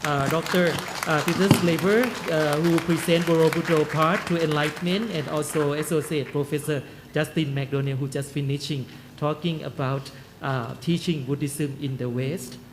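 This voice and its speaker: A man moderating a conference panel, speaking in halting English. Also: on the high side, steady tone, some chatter behind, a little hiss or hum. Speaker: session moderator.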